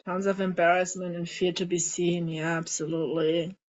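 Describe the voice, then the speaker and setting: A woman coaching a group through emotional tapping, guiding gently and voicing example feelings aloud. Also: on the low side, flat delivery. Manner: slow, soothing guidance with emotive example lines. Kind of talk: guided group coaching session. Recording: slightly dull lo-fi call audio.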